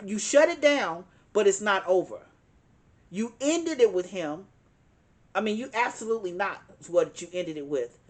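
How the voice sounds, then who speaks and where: A woman giving a tarot card reading, speaking emphatically, repeating her points and chuckling now and then. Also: medium pitch. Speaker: tarot reader.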